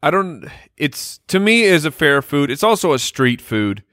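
A man co-hosting a podcast, excitable and quick to laugh in casual banter. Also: a little high, dry recording, studio quality. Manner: excitable, laughs easily, hedging. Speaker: podcast co-host.

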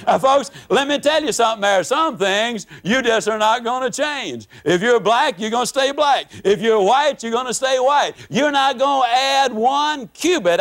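A man delivers a motivational talk in a fairly high voice. He tells folksy stories and breaks into acted-out rants. His delivery is animated and homespun. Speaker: motivational speaker. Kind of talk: motivational speech.

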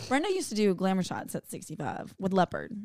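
A woman chats and jokes as a podcast co-host. Her voice is a little hoarse. The sound is dry and close, with no room echo. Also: mid-range voice, huge pitch swings, a little fast, a little mellow. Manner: chatty, jokey, laughs often. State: slightly hoarse from a lost voice. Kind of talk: casual chat.

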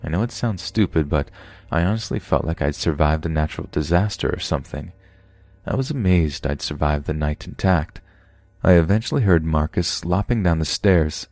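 A man, the host of a podcast, reading a scary true story aloud with steady, measured delivery. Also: low voice, dry recording. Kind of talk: horror story narration.

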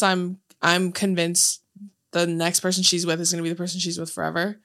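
Blunt, sharp-toned young woman. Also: lowish voice, vocal fry. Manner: blunt, outspoken, swears freely. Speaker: podcast co-host. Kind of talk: casual chat.

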